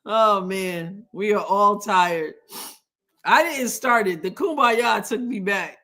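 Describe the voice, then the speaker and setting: A woman's voice: medium pitch, takes it slowly, pushed and bright. A middle-aged woman hosting a casual live stream, laughing often as she chats with her viewers. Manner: laughs often, sings playful call-and-response prayer lines.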